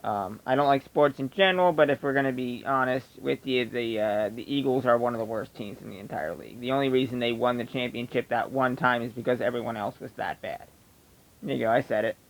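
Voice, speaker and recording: A vlogger from Delaware County, Pennsylvania, with a Delco accent typical of the Philadelphia area, rants bluntly and opinionatedly at his viewers in a casual monologue. His pitch is mid-range for a man, and he speaks a little fast, emphatic and unpolished. The audio quality is poor.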